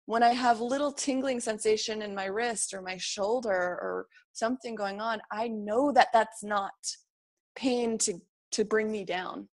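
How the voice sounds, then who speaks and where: A woman's voice: on the high side, measured pace. A woman being interviewed, talking earnestly and encouragingly about feelings and beliefs, often voicing inner thoughts as quotes. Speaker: interview guest. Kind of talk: reflective interview talk.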